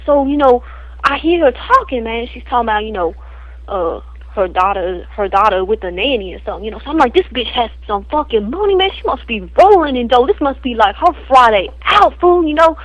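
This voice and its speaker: Lady playing a crude boastful street dude, slangy, rambles on, kinda high voice, dry sound. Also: animated, brisk, fairly bright tone, dry recording, poor audio. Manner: slangy, peppers every phrase with "man" and "fool". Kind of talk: improvised comedy spoof.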